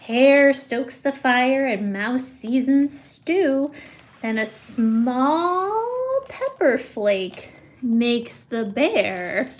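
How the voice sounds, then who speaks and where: Slow, sing-song woman reading to children. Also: high voice. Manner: animated, sound effects and asides to children. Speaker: preschool teacher. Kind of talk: picture book read-aloud.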